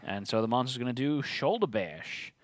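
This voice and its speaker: A man's voice: medium pitch, expressive, normal speed, no room sound. A man hosting a tabletop game stream, reading rules aloud and teasing his co-player. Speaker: game host. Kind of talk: casual tabletop game play.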